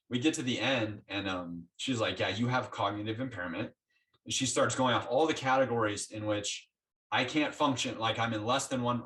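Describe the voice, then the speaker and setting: A medium-pitched male guest, recorded on a far-off mic, chats through his story for an interviewer. He gets animated, voicing both sides of his conversations with doctors.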